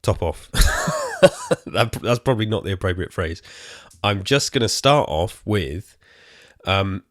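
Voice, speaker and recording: A British man in his thirties hosting a casual solo gaming podcast from a quiet room at home, rambling and slightly out of breath. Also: low-pitched, animated, unhurried, dry recording, studio quality. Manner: rambling, chatty, self-correcting asides. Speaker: podcast host.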